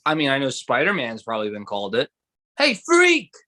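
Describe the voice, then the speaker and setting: A man's voice: mid-range voice, rapid-fire, pushed and bright. A man co-hosting a casual podcast, teasing playfully and slipping into silly voices. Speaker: podcast co-host. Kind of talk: casual chat.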